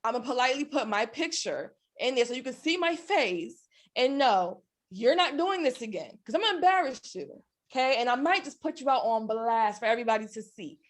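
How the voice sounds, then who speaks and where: Woman, co-host, high voice, sassy slang, casual podcast talk. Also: expressive, fairly quick. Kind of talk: casual faith podcast chat.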